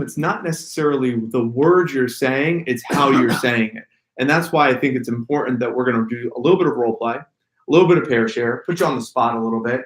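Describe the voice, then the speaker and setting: A man running a sales training workshop. He talks in a casual, animated way and stresses single words to show how emphasis changes meaning. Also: medium pitch. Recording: echoey room.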